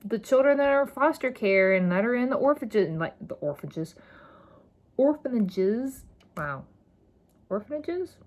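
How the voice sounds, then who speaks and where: A woman in her thirties hosting a solo podcast, talking in an impassioned, rambling, emphatic way. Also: fairly high pitch. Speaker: podcast host. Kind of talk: casual solo podcast monologue.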